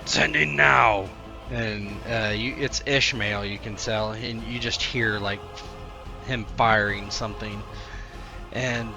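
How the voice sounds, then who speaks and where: A man running a tabletop game as game master, guiding the players in a relaxed way. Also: mid-range voice.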